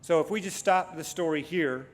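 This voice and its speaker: Chatty male preacher, slightly high voice. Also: normal speed. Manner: conversational, self-deprecating, with many restarts and fillers. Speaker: guest preacher. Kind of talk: sermon.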